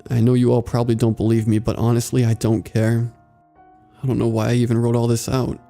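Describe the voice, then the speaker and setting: A man reading a horror story aloud in a steady, somber scripted narration. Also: medium pitch, fairly quick, vocal fry, soft background music.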